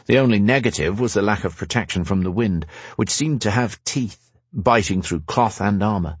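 Husky guy reading a fantasy book aloud, dry close sound. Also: on the low side, lively intonation, moderate pace, dry recording. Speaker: audiobook narrator. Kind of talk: scripted narration.

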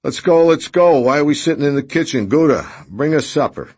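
A man voicing a brash, rough-talking man who speaks bluntly and loudly. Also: low voice, very animated, normal speed, full character voice. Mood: boisterous. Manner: loud, brusque, boisterous.

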